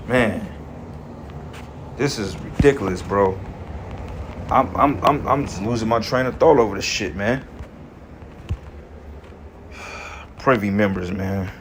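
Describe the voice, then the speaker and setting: A man's voice: on the low side, slow, pauses often, noisy background. Angry profane preaching man. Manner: profane, fiery, reads verses then comments. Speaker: street preacher. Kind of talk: angry scripture-reading rant.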